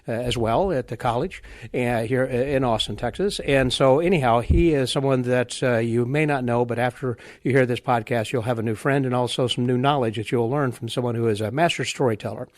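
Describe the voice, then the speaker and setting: A man's voice: mid-range voice, fairly quick, no room sound, studio quality. A man from the Midwest with a Midwestern American accent, hosting a podcast interview in a loose, rambling way with many fillers. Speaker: podcast host. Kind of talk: casual interview chat.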